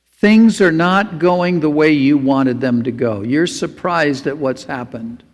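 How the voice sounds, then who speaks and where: A man's voice: on the high side, slow, long reverb tail. A man preaching a sermon as pastor, earnest and pleading.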